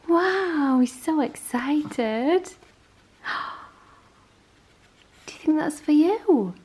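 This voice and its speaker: A young woman, a vlogger, talking to her dogs at home in doting sing-song baby talk, with gasps and soft whispers. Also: sits high, expressive, drawn-out words. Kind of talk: casual vlog chat to her dogs. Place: home, indoors.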